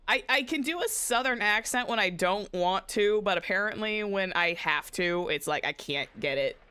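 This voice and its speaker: Smooth-voiced giggly woman streaming a game. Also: mid-range voice, expressive, a little slow, pushed and bright, dry recording. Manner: giggly and playful. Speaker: VTuber streamer. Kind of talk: casual game-stream chat, reading dialogue aloud.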